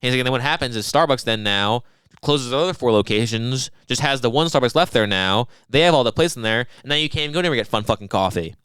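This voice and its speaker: Fast-talking young man, smooth dry voice. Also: mid-range voice, lively intonation, fairly bright tone, no room sound. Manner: rambling, profane, mimics people in quoted voices. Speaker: podcast co-host. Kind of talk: casual podcast chat.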